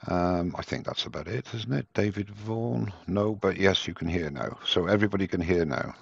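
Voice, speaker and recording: Chatty man, very deep voice. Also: animated, brisk, creaky, slightly rough, dry recording. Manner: chatty, self-mocking, rambling. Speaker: host of a live woodturning demo. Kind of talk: casual live-stream chat. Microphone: headset. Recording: dull, dry headset sound.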